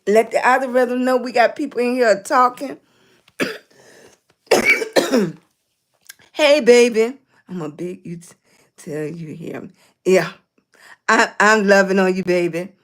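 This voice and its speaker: A middle-aged woman, hosting a casual livestream and greeting viewers warmly as baby and sweetie, hoarse and clearing her throat from a cough. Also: medium pitch, a little slow, pauses often. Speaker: livestream host.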